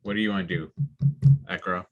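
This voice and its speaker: Low bright-voiced man running a game. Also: a little fast, lo-fi sound. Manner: relaxed descriptive narration with fillers. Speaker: game master. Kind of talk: narrating a tabletop game.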